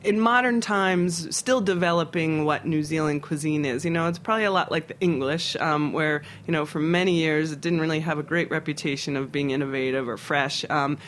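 Chatty middle-aged chef, slightly high voice. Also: male voice, a little fast, hardly any pauses, slight background noise. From Philadelphia, United States. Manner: rambling and animated, with many restarts and fillers. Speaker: chef, interview guest. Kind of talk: casual storytelling interview.

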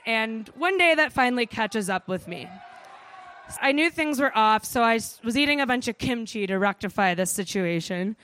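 A woman telling a comic travel story on stage, animated, swearing freely and saying "like" a lot. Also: medium pitch, dry recording. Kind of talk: live comedic storytelling.

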